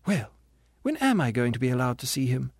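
A man's voice: medium pitch, very animated, a little fast, dry recording, studio quality. A male narrator voicing a grieving woman's ghost who speaks sharply and reproachfully in an audiobook. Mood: disappointed, fierce. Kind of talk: audiobook character reading.

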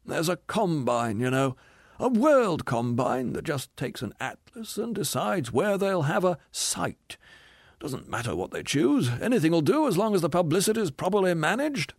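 A man's voice: fairly high pitch, big pitch swings, moderate pace, no room sound, studio quality. A man voicing a bitter, cynical, hard-bitten male ghost who rants scornfully about being lied to. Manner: sneering, scornful, ranting complaints.

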